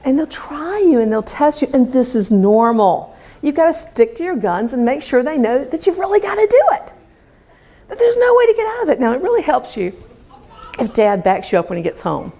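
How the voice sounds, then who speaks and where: A woman's voice: a little high, moderate pace. A middle-aged woman from the United States, speaking to a live audience about homeschooling and acting out quotes as she tells stories. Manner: lively storytelling, acting out quotes.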